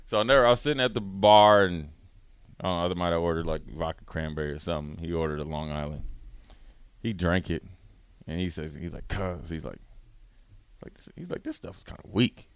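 A deep-voiced man with a smooth, resonant tone hosts a radio talk show. He tells a funny bar story casually and with lots of animation. He slips in and out of his friends' voices as he goes, and the sound is close and dry. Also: steady tone, a little fast, dry recording.

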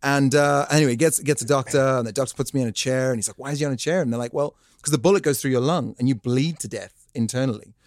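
A man, a podcast guest telling a comic story in a jokey, animated way. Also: medium pitch, quick pace, few pauses, no echo, clean studio sound. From South Africa. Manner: animated, jokey, acts out voices in his stories. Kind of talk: comic storytelling in casual chat.

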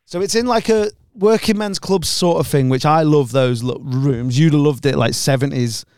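A man spinning a rambling story on a podcast, full of swearing and put-on lines for the other characters. His voice is smooth and clear and sits a little high. The sound is dry and close to the mic. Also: normal speed, a little mellow, dry recording. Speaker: podcast co-host. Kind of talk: casual chat.

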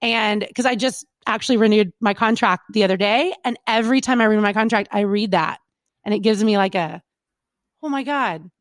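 A woman in her thirties, a radio personality, telling stories in a casual interview, chatty and animated with plenty of fillers. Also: medium pitch, a little fast, dry recording. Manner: animated, chatty, lots of fillers and quoted asides.

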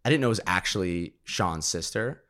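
A man's voice: low voice, expressive, fairly quick, a bit bright. A man guesting on a podcast, chatting about films in a wry, teasing way. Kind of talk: casual film chat.

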